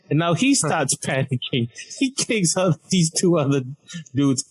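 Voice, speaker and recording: A man's voice: a little high, a little slow, husky, no echo, low-quality recording. Man telling a comic story. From Malaysia. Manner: animated, laughs mid-sentence, self-mocking. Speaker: podcast guest, comedian. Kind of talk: comedic storytelling.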